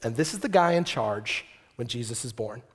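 A male pastor preaching a sermon, telling the story lively with joking asides to the congregation. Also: medium pitch, normal speed, breathy edge.

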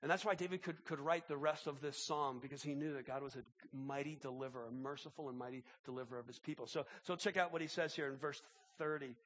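A man preaching a sermon as pastor, impassioned and halting, often repeating words as he builds. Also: mid-range voice, fairly even intonation, a bit bright.

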